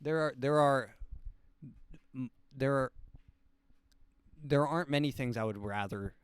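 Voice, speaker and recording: Smooth-voiced young man rambling on. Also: medium pitch, measured pace, dry recording. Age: 20s. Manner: rambling, hesitant, deadpan jokes. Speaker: podcast host. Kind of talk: casual solo commentary.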